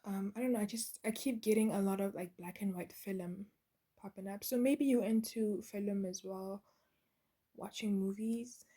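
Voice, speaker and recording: A woman giving a channeled spiritual card reading in a soft, half-whispered, halting way, with many pauses. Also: medium pitch, fairly even intonation, slightly rough. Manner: soft, gentle, halting with fillers. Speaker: intuitive card reader.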